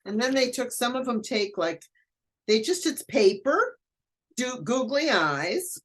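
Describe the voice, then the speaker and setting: Older woman, animated storyteller. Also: a little high, measured pace. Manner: animated storyteller, acts out quoted voices. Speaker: guest educator. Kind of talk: casual interview chat.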